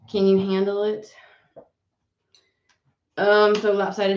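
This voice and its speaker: A woman chats her way through a casual tarot live stream, rambling from thought to thought and swearing without a second thought. Her voice sits at an everyday middle pitch. It comes through a home webcam with plenty of room echo and a slightly muffled, dull tone. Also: moderate pace. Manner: rambling and chatty, swears freely.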